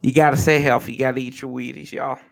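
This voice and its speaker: A man's voice: mid-range voice, level tone, fast, creaky. A man hosting a sports fan show, ranting with fired-up, profane energy and talking to viewers as y'all. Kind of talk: live-stream rant.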